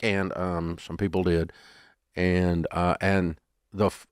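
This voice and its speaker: A man telling folksy, animated stories as a guest in a casual interview. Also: low-pitched, moderate pace, smooth, no room sound, studio quality.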